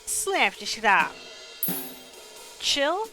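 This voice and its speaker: Playful high-voiced woman streamer. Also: very animated, takes it slowly, a bit bright, faint music behind. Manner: playful, laughs easily. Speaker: streamer reading a story aloud. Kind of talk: casual live-stream reading.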